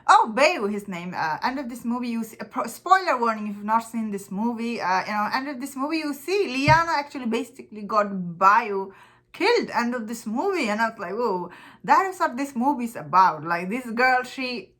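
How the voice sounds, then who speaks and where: A woman's voice: on the high side, expressive, normal speed, fairly bright tone. Rambling woman reviewing a film. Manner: rambling, many fillers and restarts, laughs often. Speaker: movie reviewer. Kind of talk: casual spoken film review.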